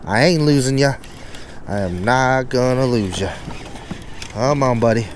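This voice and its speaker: Slow-talking man coaxing a fish outdoors. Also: medium pitch, slight background noise. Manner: chatty, coaxing and scolding the fish, exclaiming. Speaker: fishing vlogger. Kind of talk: casual play-by-play while fishing. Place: on a kayak on the open ocean, outdoors. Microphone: camera-mounted external mic.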